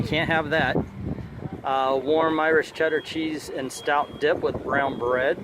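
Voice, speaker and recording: Slow and level in tone, a slightly high-voiced man hosts a jokey food vlog at an outdoor theme park festival. He reads menu items aloud amid a noisy background of loud nearby music.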